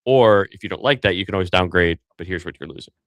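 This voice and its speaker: A man's voice: sits low, fast talker, a bit bright, no echo. A man co-hosting a business podcast, giving emphatic casual advice, listing points and rephrasing as he goes.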